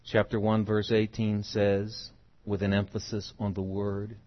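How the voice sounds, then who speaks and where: A pastor preaching an expository sermon, moving from quiet teaching to loud, emphatic passages. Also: male voice, lowish voice, completely flat delivery, unhurried, lo-fi sound.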